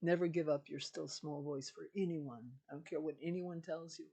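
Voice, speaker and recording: A woman's voice: deep voice, fairly even intonation, moderate pace, warm tone, slightly rough. An older woman, a spiritual teacher, giving an emphatic, repetitive teaching monologue.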